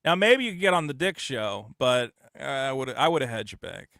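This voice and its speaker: A man's voice: mid-range voice, sing-song, a little fast, gravelly, bright, forceful tone, dry recording, studio quality. A man hosting a podcast in casual, blunt, profane chat, often mocking others in exaggerated voices. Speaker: podcast host.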